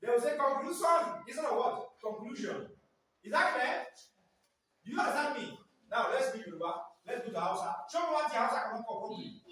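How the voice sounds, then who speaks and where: A man's voice: very high voice, lively intonation, fast, pushed and bright, a little hiss or hum. A man teaching a class, prompting pupils to finish his sentences in a call-and-response lecture. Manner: repeatedly prompts the class to fill in words. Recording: echoey classroom from far off.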